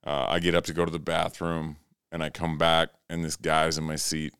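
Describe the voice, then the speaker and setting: A man's voice: extremely low pitch, monotone, fairly quick, a bit bright, smooth, no room sound, clean studio sound. A man co-hosting a casual podcast, telling a rambling, profane bar story with plenty of laughs. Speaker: podcast co-host.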